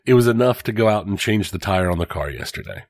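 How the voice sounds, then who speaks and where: Low-voiced wry man on a dry mic. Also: expressive, quick pace, darkish tone, dry recording. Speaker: podcast co-host. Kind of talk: casual chat.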